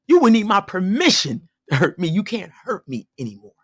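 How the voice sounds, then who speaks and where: Husky-voiced woman in her fifties, preaching. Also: medium pitch, animated, moderate pace. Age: 50s. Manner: preachy, emphatic, repeats key points. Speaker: radio show guest, abuse survivor and healer. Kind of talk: earnest personal testimony and advice. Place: radio studio.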